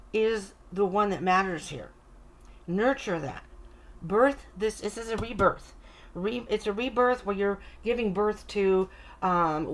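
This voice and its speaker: A middle-aged woman doing a casual tarot reading to camera, chatty and reassuring, often interrupting herself. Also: medium pitch. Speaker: tarot reader.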